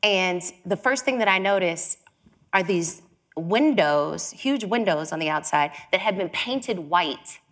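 A woman from Chicago giving a storytelling talk, lively and acting out the voices she quotes. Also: lowish voice, a little slow. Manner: animated, acts out quoted voices.

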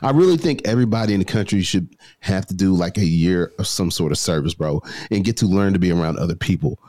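Animated low-voiced man, casual talk. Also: quick pace, dry recording. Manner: animated storyteller, lots of "bro" and "man". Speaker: podcast guest. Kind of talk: casual conversation.

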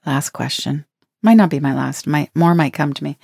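Woman speaker with a low voice, earnest, playful self-help talk, dry close sound. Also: normal speed, vocal fry, a little mellow, breathy edge, no echo. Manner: earnest, playful, laughs between points. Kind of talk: reflective spoken talk.

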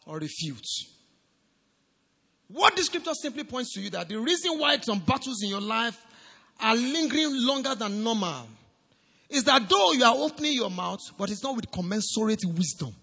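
A man preaching a sermon as pastor, swinging from shouts to low, quiet lines. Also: moderate pace, vocal fry, husky, long reverb tail. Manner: animated preaching, rising to shouts and dropping low.

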